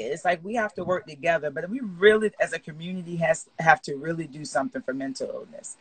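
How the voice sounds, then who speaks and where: A woman's voice: deep voice, fast talker, few pauses, breathy edge, dry recording. A woman in her forties, a guest on a live video chat, talking candidly and emphatically and swearing freely. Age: 40s. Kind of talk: casual live-stream chat. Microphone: phone on a live video call.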